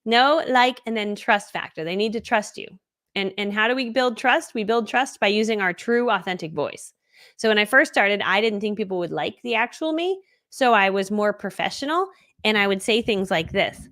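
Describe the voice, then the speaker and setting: A middle-aged woman teaches a live online course, chatty and animated, racing through her points. Her voice sits at an ordinary pitch for a woman. The recording is close and dry, with no room sound. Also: dry recording. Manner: fast, animated, chatty with lots of "like" and laughs.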